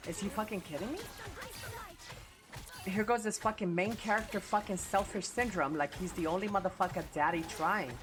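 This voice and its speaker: A woman livestreaming a game, talking crudely to her chat and yelling at her teammates. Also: mid-range voice, fairly quick, over music. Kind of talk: live gaming stream chat.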